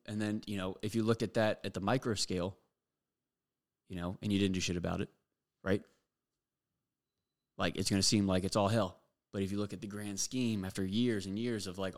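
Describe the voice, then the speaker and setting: A young man hosting a podcast, giving a blunt, profane motivational monologue full of fillers. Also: fairly low pitch. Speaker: podcast host.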